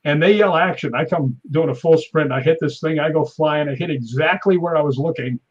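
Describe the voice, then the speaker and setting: A man in his fifties, a stuntman guest on a talk show, telling animated anecdotes with sound effects and chuckles. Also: a little high, brisk, husky. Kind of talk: casual interview storytelling. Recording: dull lo-fi sound.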